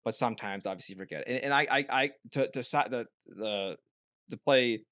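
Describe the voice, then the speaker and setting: Young guy rambling thru a story, lots of restarts, bright voice, dry close sound. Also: a little fast, no echo. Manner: rambling storyteller with many restarts, mimicking people in loud high voices. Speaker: podcast co-host. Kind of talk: casual chat.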